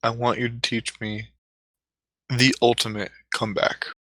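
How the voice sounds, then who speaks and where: A man's voice: mid-range voice, little pitch movement, a little slow, bright, forceful tone, no echo. A man voicing an earnest male monk student who asks his teacher for a favor, spoken plainly in his own voice.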